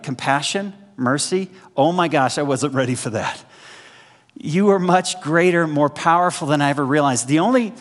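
A man with a fairly high voice preaches a sermon, talking to the congregation in a relaxed, conversational way and checking in with quick asides. The sound carries a long hall reverb from the church sanctuary. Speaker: pastor.

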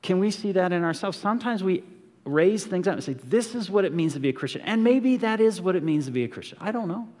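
A man's voice: high-pitched, lively intonation, fast, darkish tone. A man preaching a conversational, earnest sermon as a pastor, often asking the congregation rhetorical questions. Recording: long hall reverb.

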